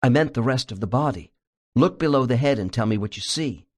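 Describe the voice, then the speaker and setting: A man reading the lines of a calm male hypnotherapist with steady, patient questions. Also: mid-range voice, brisk, natural voice. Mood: probing.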